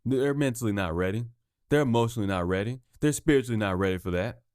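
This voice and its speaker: A man's voice: medium pitch, fast, darkish tone, no room sound. Male podcast host, solo rant: heated, swears a lot, trips over words, dry close sound. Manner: heated, profane, stumbles and repeats himself.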